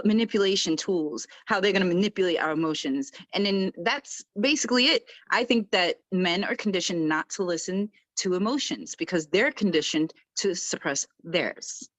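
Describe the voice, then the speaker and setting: A woman who is a military veteran, speaking on a round-table panel in an emphatic, animated way, acting out quotes and laughing often. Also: mid-range voice, normal speed, no echo. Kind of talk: casual round-table chat.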